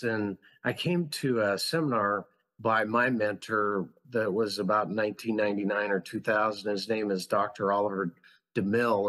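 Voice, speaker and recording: A man's voice: fairly low pitch, fairly bright tone. A man who founded a school, a guest on a podcast, telling his story in an earnest, passionate, reflective way. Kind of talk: conversational storytelling.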